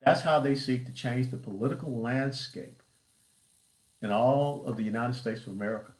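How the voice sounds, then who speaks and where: A man's voice: medium pitch, moderate pace, a little mellow. A man talks straight to viewers in a political livestream, stacking up punchy lists and rhetorical questions. His voice sits in a middle register. The room around him adds a noticeable echo. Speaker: party chairman. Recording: roomy echo.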